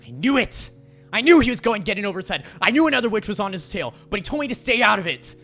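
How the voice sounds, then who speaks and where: A hot-headed young man from a visual novel, yelling in a raised, strained voice well above the performer's own, as a man plays him. His tone is bright and forceful, with faint music underneath. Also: sits high, very animated, quick pace, pitched above the performer's own voice, exaggerated voice. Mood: furious. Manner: shouting, frantic.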